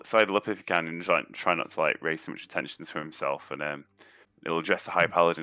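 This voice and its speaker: A man's voice: sits low, fast, sharp tone, no room sound. A man taking part as a player in a tabletop game, talking loosely and casually.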